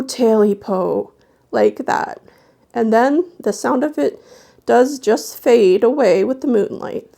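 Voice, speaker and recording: Woman reading a scary story out loud, slow and gravelly, kinda high voice. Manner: folksy storytelling dialect, then soft hesitant chat. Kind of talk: reading a horror story aloud.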